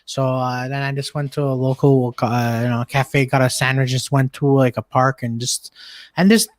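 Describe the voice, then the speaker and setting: A man's voice: mid-range voice, steady tone, normal speed, no room sound. A man in a casual video call chat, rambling with many fillers. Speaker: co-host.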